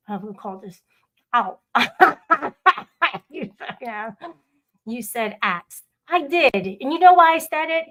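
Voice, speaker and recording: Woman, livestream host, slightly high-pitched, rambling, swears a lot, argues with chat. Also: a bit bright. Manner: rambling, profane, talks back to chat. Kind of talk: casual livestream chat with viewers.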